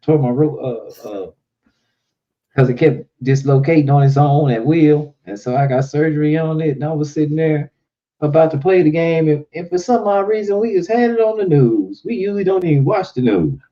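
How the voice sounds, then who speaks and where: A man chats casually as co-host, pitching his voice up and getting animated when he retells what others said. His voice sits a bit high for a man. The recording sounds muffled and lo-fi. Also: normal speed. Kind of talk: casual chat about current events. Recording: dull lo-fi sound.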